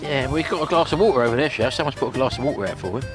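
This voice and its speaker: An Englishman vlogging on a seafront, talking to camera in an easygoing, teasing way. His voice sits at an ordinary pitch. Music plays clearly behind him, and traffic passes. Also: animated, very fast. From England. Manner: chatty, jokey, teasing. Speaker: travel vlogger. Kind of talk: casual chat to camera. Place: outdoors on a seafront.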